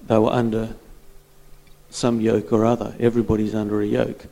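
A man in a Bible study group sharing a thought in a measured way, pausing between phrases. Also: lowish voice, flat delivery, creaky, dark tone, in a large hall.

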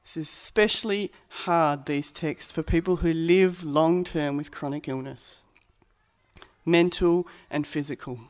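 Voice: mid-range voice, unhurried. Reflective, conversational preacher. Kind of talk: sermon.

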